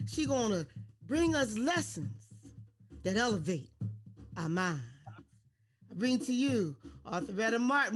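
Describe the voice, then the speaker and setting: A woman emceeing an online storytelling concert, exuberant and fast, hyping up the audience. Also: fairly high pitch, big pitch swings. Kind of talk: energetic event hosting.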